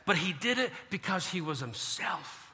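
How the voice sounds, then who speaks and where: A man preaching a lively sermon, joking and acting out the people of the story. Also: high-pitched, normal speed, long reverb tail. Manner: animated, joking, acts out biblical figures. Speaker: pastor.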